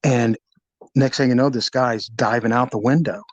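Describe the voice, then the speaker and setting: A middle-aged man, a former police officer, telling a personal story in an animated, vivid way, acting out the sounds. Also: mid-range voice, moderate pace, no room sound, highs cut off. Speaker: retired police officer recounting a shooting. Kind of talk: storytelling in an interview.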